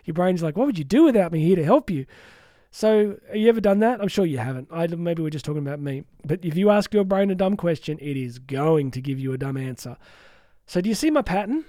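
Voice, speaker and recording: A man's voice: on the high side, a little fast, no room sound, clean studio sound. A man giving a candid motivational talk as a life coach, joking at his own expense and acting out his inner voice in mock quotes. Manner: candid, self-mocking, animated asides.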